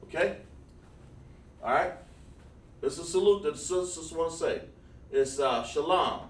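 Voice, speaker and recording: A man's voice: fairly high pitch, measured pace, far from the mic. A man giving a casual livestream lesson on Hebrew letters, chatting with viewers while he draws on a board. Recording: echoey room, voice away from the mic.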